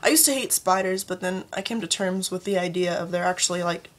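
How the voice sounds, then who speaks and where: Talking briskly to camera, this young vlogger airs her pet peeves in a loose, chatty rant. Her pitch jumps up without warning.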